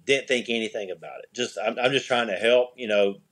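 A man's voice: medium pitch, fairly quick, fairly bright tone. A man telling rambling anecdotes as a podcast guest, often restarting his sentences and chuckling. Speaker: podcast guest, eyewear company CEO. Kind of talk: casual storytelling interview.

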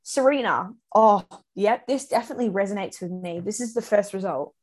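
A woman's voice: medium pitch, fairly quick. A young woman co-hosting a podcast in casual, rambling, self-mocking chat. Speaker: podcast co-host.

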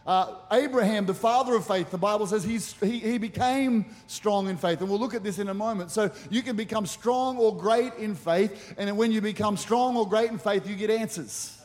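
A man preaching a sermon as pastor, animated and acting out the voices in the stories he tells. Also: high voice, normal speed, hardly any pauses. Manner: animated, acts out quotes in the story. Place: church auditorium. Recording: long reverb of a large church hall.

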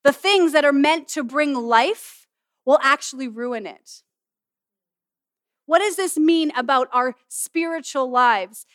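A middle-aged woman pastor giving an animated, humorous sermon in a conversational way. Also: high voice, no room sound, clean studio sound. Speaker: pastor and student chapel speaker. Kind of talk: sermon with object lesson.

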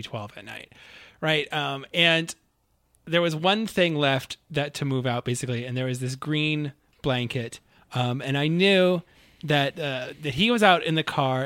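A man with a medium-pitched voice co-hosts a podcast, chatting casually and telling a story in an animated way while laughing often. The recording is studio quality, with no room sound.

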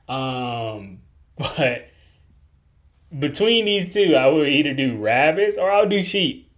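A man talks loosely into his podcast mic, joking and stifling chuckles as he goes. His voice sits at an ordinary middle pitch. The delivery is relaxed and conversational, the sound of a host chatting on his own show. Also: unhurried. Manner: laid-back, joking, chuckles through lines. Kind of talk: casual solo podcast talk.

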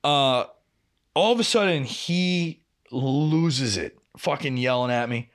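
Speaking slowly in a medium-pitched voice, this young podcast co-host casually tells a lengthy story from his job. He curses frequently and animatedly plays both parties in the arguments he quotes.

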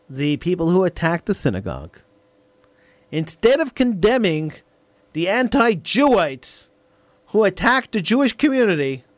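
Male radio talk host; fiery, repetitive monologue; high, very lively pitch. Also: no echo. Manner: emphatic, repeats lines for effect.

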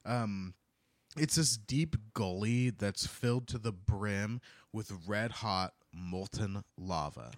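A man co-hosting a podcast, retelling a book chapter in casual, lively chat. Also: lowish voice, takes it slowly, no room sound. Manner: lively storytelling, laughs often. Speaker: podcast co-host.

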